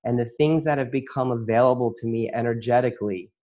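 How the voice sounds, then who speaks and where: A man's voice: mid-range voice, steady tone, quick pace, warm tone, lo-fi sound. A man with a mid-range voice tells his own story to a gathered audience. He works as a chiropractor and facilitator, and he speaks earnestly, with a lot of feeling. He laughs often between his words. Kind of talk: personal testimony to an audience.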